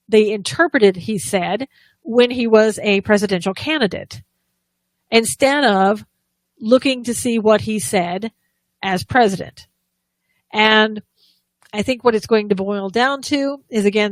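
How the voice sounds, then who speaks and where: A woman's voice: fairly high pitch, a little slow, no echo. A woman co-hosting a live political talk show, giving opinionated commentary with frequent restarts and sarcastic asides.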